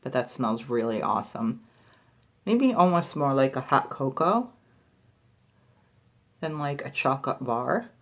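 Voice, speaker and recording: A woman's voice: very deep voice, sing-song, measured pace, long pauses. A woman talking casually in a product review vlog, chatty and full of filler words.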